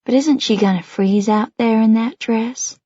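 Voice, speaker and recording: A woman voicing a warm, motherly older grandmother with an affectionate drawl, read as an audiobook figure. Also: a little high, a little slow, slightly rough, dry recording, muffled recording.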